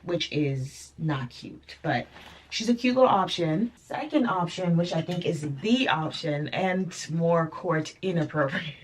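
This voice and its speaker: A young woman chatting casually to camera in a vlog, animated and laughing often. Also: fairly low pitch, unhurried, slight background noise. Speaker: vlogger.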